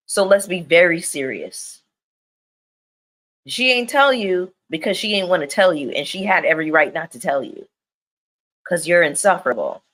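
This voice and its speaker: A woman's voice: lowish voice, animated, normal speed, long pauses, a bit bright, poor audio. Chatty, profane woman on a live stream. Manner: candid, slangy and profane, talks straight to viewers. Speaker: live-stream reality TV reviewer. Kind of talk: casual live-stream chat.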